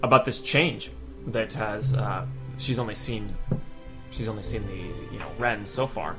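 A man's voice: fairly low pitch, a little slow, loud music behind the voice. A man narrating a tabletop game as game master, in a casual way with fillers.

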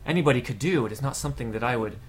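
A man's voice: medium pitch, slight background noise, lightly acted. A man voicing a serious, analytical female scholar in a tabletop game, speaking formally and carefully. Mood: worried. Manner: formal, measured speech.

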